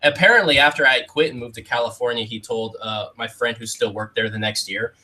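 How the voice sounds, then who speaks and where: A man telling funny stories on a casual podcast, acting out the other people in high squeaky voices. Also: fast talker, sharp tone, rough recording. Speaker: podcast co-host. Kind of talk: casual storytelling chat.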